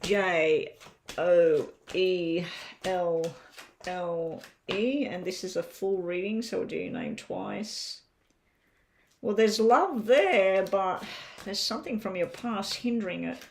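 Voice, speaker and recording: Australian woman, mid-pitched, casual live tarot reader talking through her cards. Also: big pitch swings, unhurried, gravelly, darkish tone, slight background noise. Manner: chatty, thinks aloud over the cards. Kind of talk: live-stream tarot reading.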